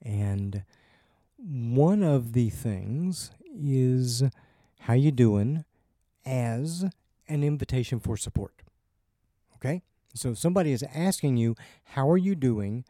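A man hosting a podcast, explaining in an unhurried way with small restarts. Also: medium pitch, lively intonation, dark tone, dry recording, clean studio sound. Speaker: podcast host. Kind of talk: casual podcast chat and explainer.

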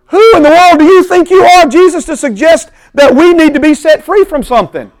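A man doing an indignant, affronted man. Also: fairly quick. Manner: outraged, loud and high-pitched. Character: indignant proud man defending his ancestry.

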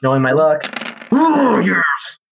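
A man's voice: fairly high pitch, sing-song, slow pace, gravelly, background noise. A man playing in a tabletop game, casual and playful with laughing asides. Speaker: player.

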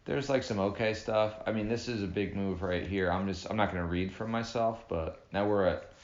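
A man in his thirties co-hosts a podcast, his voice fairly low and his speed normal. The chat is dry, sarcastic, rambling and casual, captured in a dull, roomy home recording.

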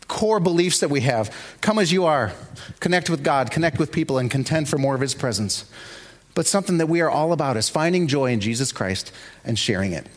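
A man preaching a sermon as pastor, telling stories with rising energy. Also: fairly high pitch. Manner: animated storytelling, builds to shouts.

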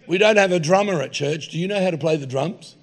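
Cameo: man playing a plain-spoken pastor, gravelly tone. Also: on the high side, quick pace, natural voice. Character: matter-of-fact male church pastor.

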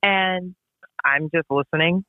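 A woman's voice: on the low side, slow pace, no echo, soft background music. A woman, a basketball referee, tells stories in a casual interview, emphatic and repetitive. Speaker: basketball referee and podcast guest. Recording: tinny phone-line sound.

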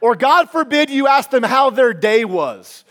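A male pastor preaching a sermon to his congregation, animated and humorous, repeating key phrases for emphasis. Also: very high voice, measured pace.

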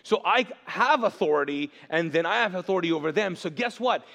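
A man with a high voice preaches to a congregation, telling the story in an animated, joking way and acting out lines as he goes. His voice rings with a long hall reverb that fills the space around him. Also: gravelly. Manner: animated, jokey storytelling with quick put-on voices. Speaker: pastor. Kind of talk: sermon.

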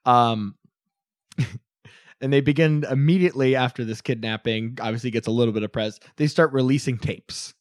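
A man's voice: medium pitch, no echo, studio quality. A man hosting a comedy podcast, telling a story in casual chat and laughing often. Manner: laughs often, quick put-on quotes.

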